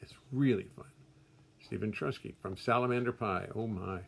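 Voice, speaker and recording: A man's voice: lowish voice, moderate pace, gravelly, slight background noise. An older man hosting a casual livestream from his music studio, reading out viewers' names and greeting them with wry jokes. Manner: chatty, warm greetings, wry self-deprecating jokes.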